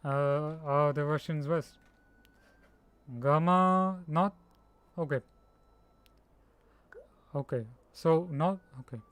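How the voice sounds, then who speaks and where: A man chatting casually on a live stream, haltingly sounding out foreign names and laughing at his own mistakes. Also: on the high side, fairly even intonation, a bit bright, smooth, no echo. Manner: halting, tries out names slowly, laughs at himself.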